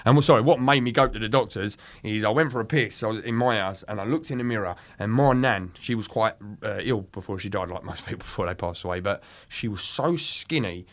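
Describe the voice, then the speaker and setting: A man's voice: on the low side, brisk, few pauses. A young British man telling a candid story in casual chat, swearing freely. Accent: British English. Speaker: podcast guest.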